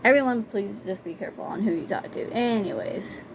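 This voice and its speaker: A young woman in a casual vlog tells personal stories briskly, her mid-range voice full of lively intonation. She's direct and conversational and repeats words for emphasis. There's noise in the background.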